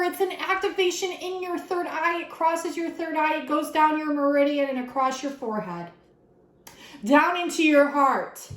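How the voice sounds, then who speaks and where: A woman doing a casual tarot reading for her viewers, excitable and swearing freely as she talks straight to the camera. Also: sits high, reverberant, poor audio. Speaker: tarot reader. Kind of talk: casual spiritual reading vlog.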